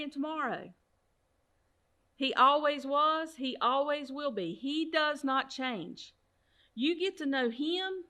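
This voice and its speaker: Earnest high-voiced woman teaching Bible study. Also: sharp tone. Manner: earnest, heartfelt, repeats phrases for emphasis; sometimes halting, restarts words. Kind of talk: online Bible study talk.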